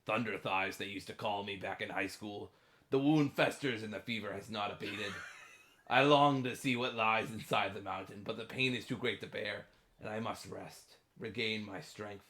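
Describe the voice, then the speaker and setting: A man's voice: lowish voice, moderate pace, fairly bright tone, close to an everyday voice. A man reading a feverish dying man's diary entry aloud in a hammy put-on pirate voice.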